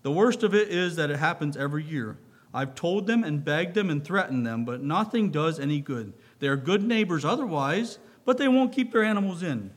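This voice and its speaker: A man's voice: on the high side, expressive, moderate pace. A man voicing a troubled farmer who complains earnestly about his neighbor's pigs. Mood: aggrieved.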